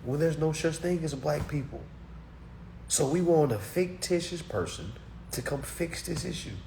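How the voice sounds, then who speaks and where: A man's voice: fairly high pitch, moderate pace, creaky, mellow, a little hiss or hum. A man giving a casual political rant, speaking emphatically and straight to his listeners. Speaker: commentator.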